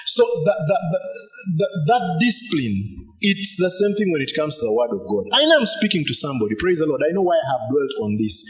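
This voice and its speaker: A pastor preaching a sermon in a loose, conversational way, repeating phrases and using fillers. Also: male voice, mid-range voice, low-quality recording.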